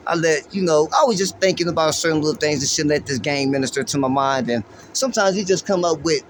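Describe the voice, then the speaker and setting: High-voiced laid-back man from Los Angeles. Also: slight background noise. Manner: laid-back, rambling, profane, full of fillers. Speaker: podcast host. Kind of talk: casual street-slang musing.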